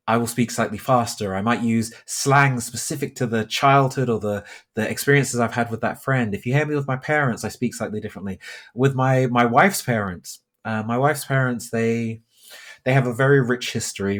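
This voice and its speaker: A young man from London, a geography teacher talking as a podcast guest, speaking deliberately with careful pronunciation. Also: mid-range voice, fairly bright tone. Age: young adult. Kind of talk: casual conversational interview.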